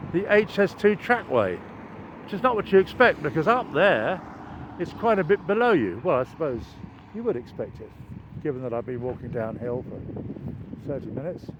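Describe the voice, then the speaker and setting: An older man vlogging on an outdoor walk, chatty and meandering, with bursts of excitement. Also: on the high side, normal speed. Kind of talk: rambling walking vlog. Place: outdoors near a railway. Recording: dull lo-fi outdoor recording with traffic noise.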